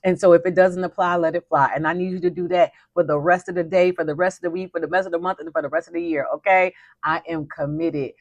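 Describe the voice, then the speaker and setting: A woman's voice: fairly low pitch, fairly even intonation, fast talker, few pauses, darkish tone, no room sound, highs cut off. A woman hosting a weekly motivational talk, speaking emphatically and repeating her declarations in a folksy, spirited way. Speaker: host.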